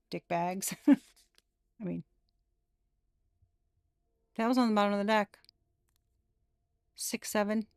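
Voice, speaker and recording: A woman in her thirties gives a casual tarot reading, drawling slowly through fillers and dropping sarcastic asides. Her voice has a gravelly fry. The sound is close and dry, with no room echo. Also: medium pitch, a little mellow. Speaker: tarot reader.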